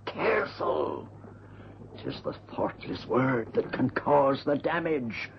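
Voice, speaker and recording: Old seafaring carpenter, gentle giant, superstitious, slow delivery, lively pitch. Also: male voice, gravelly, dull audio, very noisy, full character voice. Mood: solemn warning. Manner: slow, solemn, warning tone with archaic 'tis.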